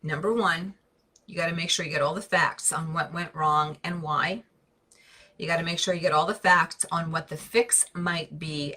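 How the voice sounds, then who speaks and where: Woman design coach chatting, low voice, kinda bright and sharp, loops back on her words. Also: breathy edge. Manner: calm, conversational, repeats words and restarts. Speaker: interior design educator. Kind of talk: advice talk with storytelling.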